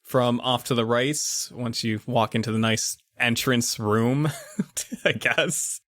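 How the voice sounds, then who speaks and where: A man's voice: medium pitch, steady tone, slow, a bit bright, no room sound, clean studio sound. A man running a tabletop game as game master, narrating scenes and prompting the player.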